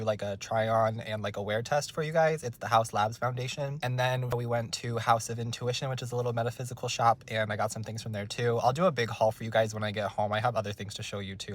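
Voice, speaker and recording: A young man chatting casually to camera as a lifestyle vlogger, full of trendy slang and "like" fillers. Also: mid-range voice. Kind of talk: casual vlog chat. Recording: echoey room with faint background music.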